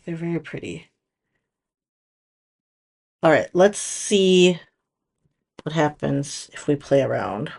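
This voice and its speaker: A woman talks through a nail product demo at an unhurried, slow pace. Her voice has a gravelly, creaky edge, and she chats and thinks aloud as she works with her hands. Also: sits low. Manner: chatty, thinking aloud while working.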